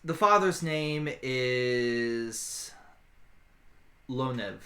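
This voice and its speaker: A game master narrating a tabletop game and voicing characters with excited outbursts. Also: medium pitch, drawn-out words, reverberant.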